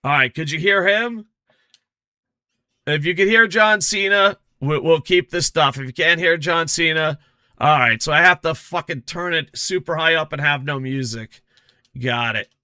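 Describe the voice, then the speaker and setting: Bright, profane streamer man. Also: on the high side, normal speed, clean tone, no room sound, studio quality. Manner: profane, excitable, grumbles at his stream tech. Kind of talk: casual gameplay chat.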